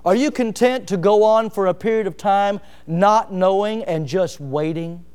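Impassioned middle-aged male preacher, smooth voice. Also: measured pace, a little mellow. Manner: impassioned, rising to emphatic peaks then dropping low. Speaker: pastor. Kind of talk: sermon.

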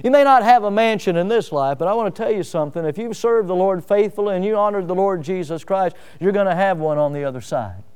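A man preaching a sermon, telling homely stories with fillers and swinging from loud rises to soft drops. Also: high voice, animated, fast talker, hardly any pauses, clean tone, faint music behind. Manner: folksy storytelling with fillers. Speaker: pastor.

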